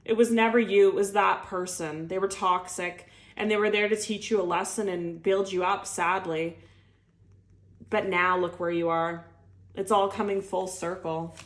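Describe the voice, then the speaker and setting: A woman reads tarot cards for her viewers in an earnest, heartfelt way. She talks straight to the listener at a mid pitch, and her speech is loose and full of filler words. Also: steady tone, normal speed. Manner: speaks warmly straight to the viewer. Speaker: tarot reader. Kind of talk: intuitive tarot reading to viewers.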